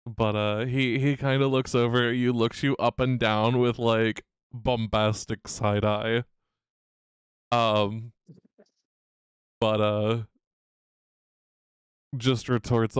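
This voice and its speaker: A man's voice: mid-range voice, level tone, takes it slowly, pauses often, clean tone, dry recording. Dry-voiced man running a tabletop game. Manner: playful, laughs often while narrating. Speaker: game master.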